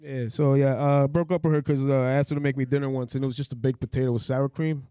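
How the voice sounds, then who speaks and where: A man's voice: medium pitch, level tone, fast, warm tone, smooth, no room sound. A man doing a rambling stand-up set in a mumbling way, from a Puerto Rican family. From Puerto Rico. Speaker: comedian at an open mic.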